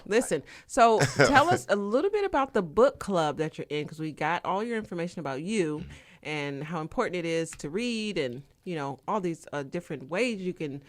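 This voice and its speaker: A woman's voice: fairly low pitch, sing-song, moderate pace. A woman hosting a morning radio show, playful and laughing often as she talks with her guest. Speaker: radio host. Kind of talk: casual radio interview.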